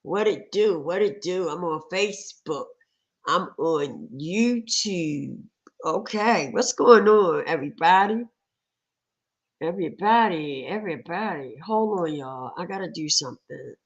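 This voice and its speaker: A woman hosting a casual livestream, hoarse and rough-voiced from a cold, greeting viewers in a lively, chatty way. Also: on the low side, measured pace, lo-fi sound. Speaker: livestream host.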